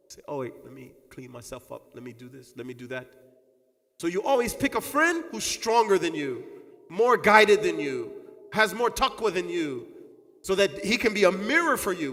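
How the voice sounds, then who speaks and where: A male Islamic teacher giving a conversational, animated mosque lecture, repeating points with asides to the audience. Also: high-pitched. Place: large mosque hall. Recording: long mosque-hall reverb.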